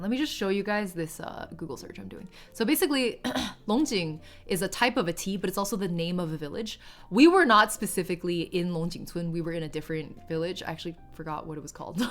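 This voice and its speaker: A woman streamer chatting casually on a livestream, rambling with lots of filler words and reading viewer chat aloud, sometimes in Mandarin. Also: fairly low pitch.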